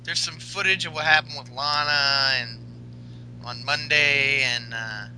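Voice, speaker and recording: A man's voice: fairly high pitch, fairly even intonation, a little slow, sharp tone, clear, resonant tone, poor audio. A man co-hosting a podcast, recapping in crude, rambling casual banter. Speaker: podcast co-host.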